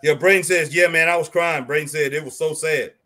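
A man calls out the wrestling he's watching live and reads viewer comments in a loose, chatty way. His voice sits a bit high and sounds bright and forceful. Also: a little fast. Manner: excitable, exclaims at the action. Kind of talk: casual chat, reading viewer comments.

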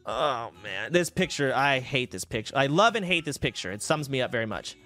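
A man's voice: medium pitch, expressive, a little fast, sharp tone. A young man streaming from home, telling old stories in a casual, profane, sarcastic way into a desk mic. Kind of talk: casual storytelling to a live stream audience.

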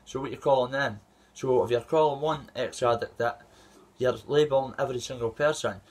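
A man's voice: mid-range voice, a little fast. A Scottish man in his thirties, an amateur fighter, delivering an aggressive, rambling trash-talk callout to a rival. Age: 30s. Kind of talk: trash-talking callout video.

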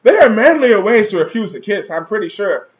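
A man's voice: high voice, big pitch swings, fairly quick, highs cut off. A man giving a casual, profane, mocking comic review, laughing often at what he describes. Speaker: manga reviewer.

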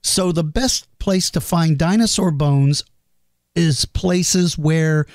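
A man's voice: a little high, slow, a little mellow, no echo, studio quality. A man hosting a podcast, answering listener questions in an earnest, chatty way and stopping to apologize for names he cannot pronounce. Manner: earnest and chatty, explains with simple comparisons; self-deprecating and apologetic over hard names. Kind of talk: casual podcast Q&A.

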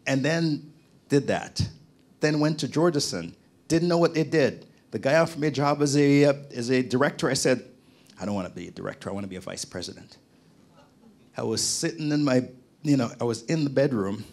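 A middle-aged man from Jamaica, a podcast guest, telling his story in lively conversation and acting out the people he quotes. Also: medium pitch. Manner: animated storyteller, acts out quoted voices.

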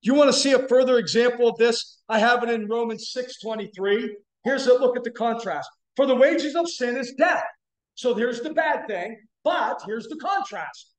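High-voiced man preaching in an echoey church. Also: animated, normal speed. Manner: preaching with rising emphatic bursts. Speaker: guest preacher. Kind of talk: sermon. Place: church sanctuary.

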